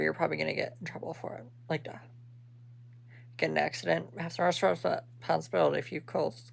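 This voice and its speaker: A woman's voice: on the low side, creaky, husky. A young woman vlogging in a rambling, blunt, profane way, full of fillers. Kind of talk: casual vlog chat.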